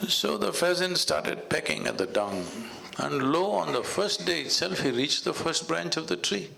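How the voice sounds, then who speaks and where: A man with an Indian English accent, a spiritual teacher speaking in a measured, storytelling way. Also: on the high side, very animated, creaky, a crowd in the background. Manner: measured and storytelling, with soft laughs. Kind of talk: conversational teaching with a told fable.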